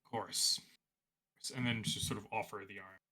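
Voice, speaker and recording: Guy in a role-play game talking through his character, kinda hesitant, bright but husky voice. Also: lowish voice, steady tone, quick pace. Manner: hesitant, hedging with fillers. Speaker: player.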